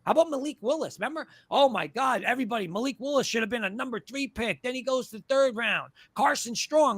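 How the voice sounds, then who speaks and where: A male sports show host on a tear, his voice gravelly and swinging widely in pitch as he hammers his points home. He sounds close and dry, with no room around him. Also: expressive, fast talker, hardly any pauses, fairly bright tone, no echo. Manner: ranting, emphatic, mocking fans' views. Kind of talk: fired-up sports talk.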